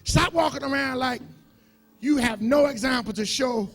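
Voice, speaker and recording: High-voiced impassioned male preacher. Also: normal speed, soft background music. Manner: impassioned call-and-response preaching, shouting into rhythmic chanting. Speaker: pastor. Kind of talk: sermon. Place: church sanctuary.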